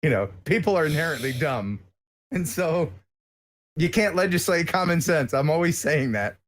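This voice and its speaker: A man's voice: a little high, expressive, moderate pace. An American man chatting casually as a guest on a live stream, rambling and joking with lots of filler words.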